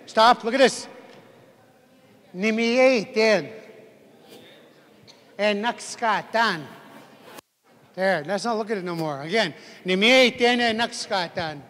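His voice sits high with a fairly bright tone, and he talks at a moderate pace with frequent pauses. The man is running a group greeting drill in a language class, chuckling often and encouraging the learners to speak louder, recorded with long hall reverb.

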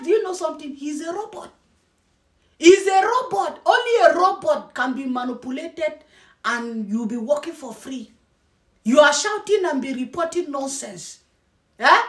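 A woman's voice: high voice, fairly bright tone. A woman vlogger giving scolding, mocking reaction commentary and repeating herself for emphasis. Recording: roomy echo.

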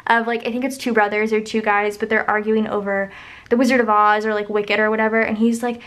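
A woman's voice: fairly high pitch, fairly even intonation, a little fast, a bit bright. Chatty young woman, rambling vlog talk. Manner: chatty, rambling, filler-heavy storytelling. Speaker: planner vlogger. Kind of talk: casual plan-with-me chat.

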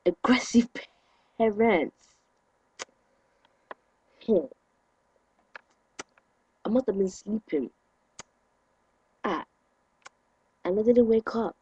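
A young man, ranting indignantly to his camera in a vlog, with sudden loud outbursts. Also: high voice, very slow, pauses often, husky, poor audio. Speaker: vlogger.

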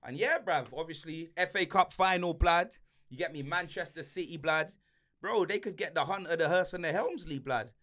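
Animated high-voiced man ranting. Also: moderate pace. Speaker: podcast co-host. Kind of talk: casual banter podcast.

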